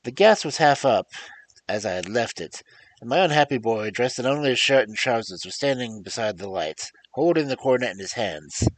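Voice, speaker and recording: Male storyteller, lively rising and falling voice, dry close sound, audiobook reading. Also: medium pitch, fairly quick, no echo, poor audio. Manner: lively expressive reading with rises and drops.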